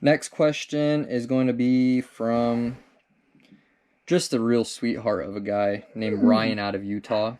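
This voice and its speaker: A man's voice: medium pitch, level tone, slow, a little mellow. A young man hosting a comedic vlog, answering viewer questions in a rambling, laid-back way and tossing in "dude" and casual swearing.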